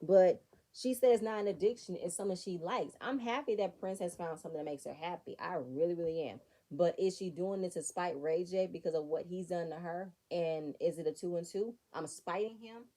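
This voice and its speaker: A woman's voice: on the low side, fairly quick, mellow. A woman giving a sassy, opinionated recap of a reality TV episode, talking straight to her viewers. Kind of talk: casual commentary.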